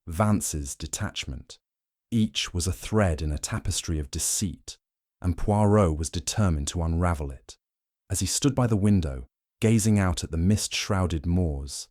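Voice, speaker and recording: Deep-voiced male audiobook narrator. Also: darkish tone, dry recording, clean studio sound.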